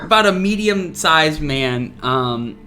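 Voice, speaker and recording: A man's voice: on the high side, lively intonation, takes it slowly, a loud crowd. A man narrating a tabletop game as game master, casual and hesitant, laughing often.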